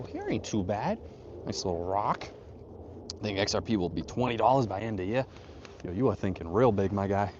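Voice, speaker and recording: A man with a lowish, slightly mellow voice hosts a casual livestream while hiking a snowy trail, reading chat aloud and trading loose, profane jokes with viewers. Wind blows in the background, and the audio is dull.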